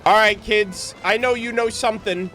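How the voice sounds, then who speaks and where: A man's voice: high voice, fairly even intonation, normal speed, sharp tone, soft background music. A man streaming a game, reading its dialogue aloud with playful commentary, often laughing and stumbling over words.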